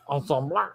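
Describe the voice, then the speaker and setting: A young man co-hosting a casual wrestling podcast over a remote stream. He talks in an animated way, laughs often and drops into goofy voices for quotes. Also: fairly high pitch, vocal fry, no room sound. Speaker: podcast co-host. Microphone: remote stream mic.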